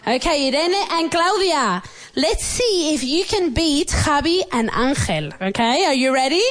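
A woman hosting a children's radio show from a school classroom. She drills English vocabulary with young pupils, praises them often, repeats words slowly and clearly, and switches between English and Spanish. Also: sits high, animated, fairly bright tone.

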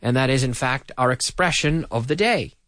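A man's voice: medium pitch, normal speed. A middle-aged man teaching an English lesson, playfully drilling words by repeating them with a rhythmic da-da-da. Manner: playful, animated delivery.

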